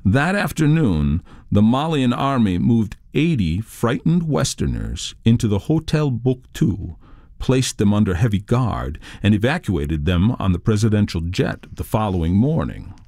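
A man narrating nonfiction in a measured, journalistic reading. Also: fairly low pitch, very animated, darkish tone, dry recording, studio quality. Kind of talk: scripted nonfiction audiobook narration.

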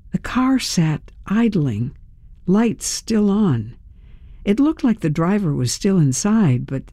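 A woman narrates a first-person audiobook at an unhurried, deliberate pace. Her voice is low-set and mellow, and the recording sounds dry and close. She keeps a measured delivery with tense pauses. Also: no echo.

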